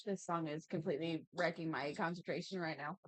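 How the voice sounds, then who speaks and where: A woman's voice: low voice, fairly quick, no room sound. Playful woman chatting on a livestream. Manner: chatty, playful, reads chat aloud. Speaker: livestream host. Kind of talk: casual livestream chat while drawing.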